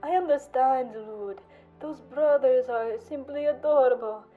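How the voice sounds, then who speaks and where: A woman's voice: sits high, unhurried, narrow, tinny audio, faint music behind. A woman voicing a cheerful, laughing Spanish young man who gushes fondly. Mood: gushing.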